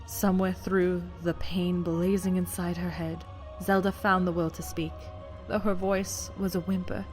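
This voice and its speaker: A man giving dramatic scripted audiobook narration, dropping to a hush at tense moments. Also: sits high, flat delivery, measured pace, soft background music.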